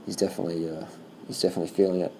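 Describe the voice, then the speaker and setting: A man casually commenting on bike race footage as a vlogger, swearing freely and talking in loose animated bursts. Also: low-pitched, rapid-fire, noisy background.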